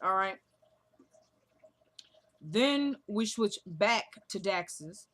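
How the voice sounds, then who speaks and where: A woman's voice: medium pitch, expressive, a bit bright. Chatty woman recapping a TV episode. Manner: chatty, slangy, quick-cutting asides. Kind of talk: casual recap chat.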